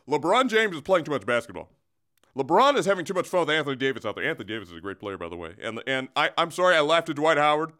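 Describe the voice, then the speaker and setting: A man's voice: on the high side, pushed and bright. A man hosting a comic sports segment, rambling and boastful in a mock-grandiose way, with lots of restarts. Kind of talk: comedic sports rant.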